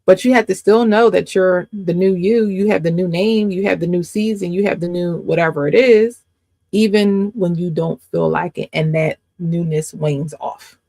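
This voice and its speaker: A woman coach giving a casual faith teaching to camera, emphatic and repeating her points with quick asides. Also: fairly low pitch, vocal fry, dark tone, no room sound.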